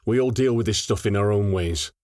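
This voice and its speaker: A man's voice: on the low side, brisk, dry recording, clean studio sound, lightly acted. A man voicing a caring tough female corporal. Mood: soft. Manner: soft, earnest. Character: big tough female squad leader, caring.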